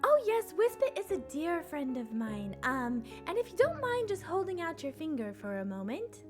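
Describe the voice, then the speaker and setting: A woman voicing a gentle, polite young scribe in a tabletop game, speaking in a courteous, sing-song way. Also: very high voice, very animated, normal speed, music in the background, pitched above the performer's own voice. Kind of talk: tabletop role-play character voice.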